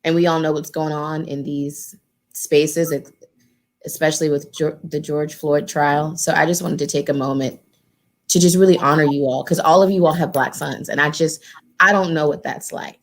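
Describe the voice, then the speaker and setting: A woman with a lowish voice gives heartfelt panel remarks. She is earnest and emphatic, and she stacks repeated phrases for weight. She speaks to the group casually and directly. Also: steady tone, normal speed. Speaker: community organizer and former political candidate.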